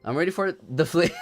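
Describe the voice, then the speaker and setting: Animated young Brazilian streamer. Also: male voice, a little high. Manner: laughs often, slangy, repeats himself. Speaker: livestream host. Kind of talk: casual livestream commentary.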